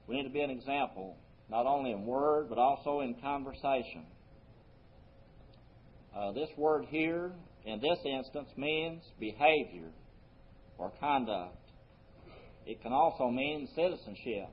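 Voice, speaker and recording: A man's voice: medium pitch, expressive, a little slow, pauses often. Earnest preaching man, muffled lo-fi sound. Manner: earnest preaching, rising emphasis then dropping soft. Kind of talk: sermon. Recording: muffled lo-fi recording.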